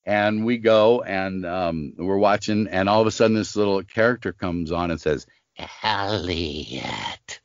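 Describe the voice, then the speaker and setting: A low-pitched older man whose voice carries a smoker's grain. He tells his stories in a casual interview and slips into the voices of the people in them. The recording is dry and a bit dull. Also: moderate pace, hardly any pauses, clear, resonant tone, dry recording. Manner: animated storyteller acting out quoted voices. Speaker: voice actor guest.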